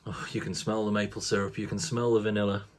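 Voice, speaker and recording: A man's voice: on the low side, little pitch movement, fast. A man casually reviewing a craft beer, chatty and rambling, with casual swearing.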